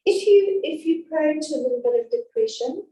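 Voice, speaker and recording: In a classroom, a woman teaches an antenatal class in a chatty, reassuring, down-to-earth manner, giving an informal class talk. Her high-pitched voice is warm, with lively intonation and normal speed. She's recorded from a distance in an echoey room.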